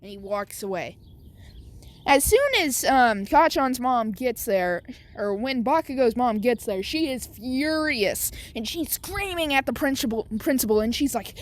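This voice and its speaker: A woman's voice: fairly high pitch, animated, unhurried. A woman casually making up and narrating a fan story, rambling with lots of fillers and restarts.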